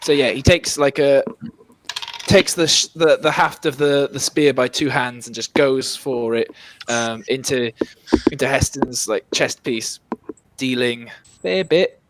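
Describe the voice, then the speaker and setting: A man's voice: mid-range voice, unhurried, background noise. A man running a tabletop game as dungeon master, setting scenes in a chatty way and often restarting his phrases. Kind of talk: casual tabletop game narration.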